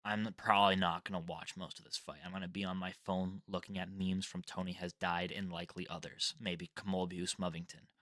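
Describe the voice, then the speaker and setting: A man's voice: deep voice, flat delivery, brisk, few pauses, a bit bright, no room sound. A young man giving casual solo fight predictions, rambling, swearing and laughing at his own slips.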